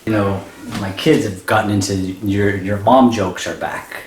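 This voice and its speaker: A man doing amateur stand-up comedy, rambling and halting, often laughing at his own jokes. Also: on the low side, steady tone, reverberant, slight background noise.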